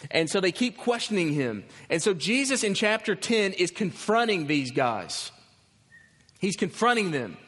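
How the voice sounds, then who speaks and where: A man preaching a sermon as pastor, telling the story with animated restarts and emphasis. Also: sits high, a little slow. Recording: long hall reverb.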